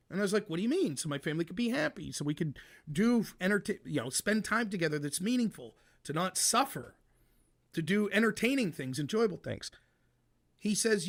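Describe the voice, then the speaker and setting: Animated American man, high lively voice. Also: quick pace, vocal fry. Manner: animated storyteller, acts out both sides of a dialogue. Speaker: host. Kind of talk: casual chat, retelling a call.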